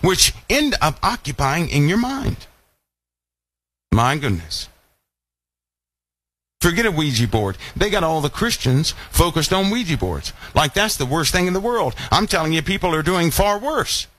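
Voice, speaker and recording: A man preaching a live online Bible lesson, asking many rhetorical questions. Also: fairly high pitch. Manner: animated, full of rhetorical questions.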